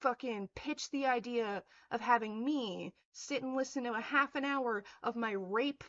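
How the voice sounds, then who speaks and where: A woman's voice: on the high side, measured pace, a bit bright, lo-fi sound. Furious woman ranting with profanity. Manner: mocking quotes in a sneering voice. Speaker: vlogger. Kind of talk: angry rant to camera.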